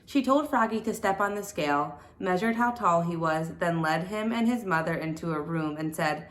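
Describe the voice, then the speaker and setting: Animated woman reading a picture book aloud. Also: lowish voice, normal speed, few pauses. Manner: animated, playful and expressive. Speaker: teacher reading to her class. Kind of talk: read-aloud storytelling for children.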